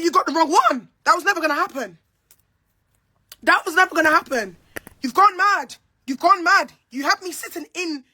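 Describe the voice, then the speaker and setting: Young woman ranting, high sharp voice, heated and repetitive. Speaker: reality show cast member. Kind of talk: angry monologue to camera.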